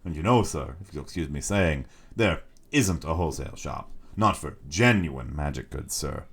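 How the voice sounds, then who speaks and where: A smooth, courteous magic shopkeeper with a very deep voice, as a man puts him on in a storybook reading. He is unhurried and polite, with a faintly uncanny air, and his low tone rises and falls with a lively swing. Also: exaggerated voice.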